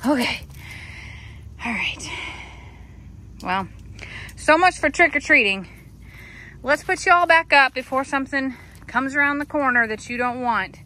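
Bright-voiced woman cooing at her goats. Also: sits high, a little slow, long pauses. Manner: affectionate baby talk to her animals. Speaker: goat owner filming her goats. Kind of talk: casual vlog talking to animals.

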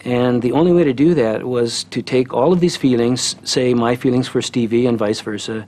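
A man speaking in a measured, thoughtful way in a documentary interview. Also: mid-range voice, a little mellow.

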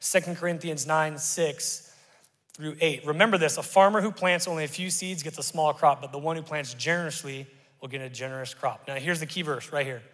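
Animated pastor preaching in reverberant church. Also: male voice, fairly high pitch, a little fast. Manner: animated, conversational preaching with sudden loud bursts. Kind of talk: sermon. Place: church sanctuary. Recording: long church-hall reverb.

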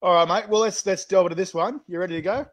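Excitable Australian man hosting, higher voice. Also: quick pace. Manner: laughs often, excitable, banters. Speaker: host. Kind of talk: live-streamed chilli tasting chat.

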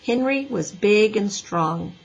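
A woman teacher reading a children's book aloud with an expressive, lively voice. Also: mid-range voice, slow, gravelly, breathy edge, low-quality recording. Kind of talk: storybook read-aloud.

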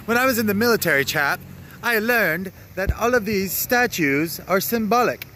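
A man putting on a hammy high mock-British gentleman. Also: expressive, slight background noise. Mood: pompous. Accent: put-on British. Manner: exaggerated, sing-song, drawn-out. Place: outdoors in a city park.

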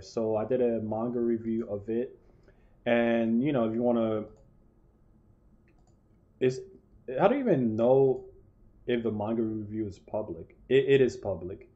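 A man's voice: mid-range voice, unhurried, pauses often, a little mellow, highs cut off. A man casually reviewing an anime film, rambling and correcting himself as he goes. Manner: rambling, self-correcting, chatty.

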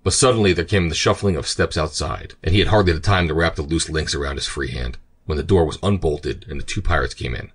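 Male audiobook narrator, scripted narration, measured pacing, very deep voice. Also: breathy edge. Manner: steady, measured storytelling.

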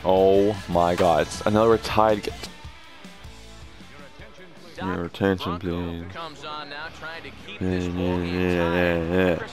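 A man's voice: low voice, level tone, slow pace, pauses often. A young man giving casual commentary while playing a video game, swearing often and flaring up at bad plays. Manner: swearing, erupting into angry rants at the game. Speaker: gaming commentator. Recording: game music playing behind.

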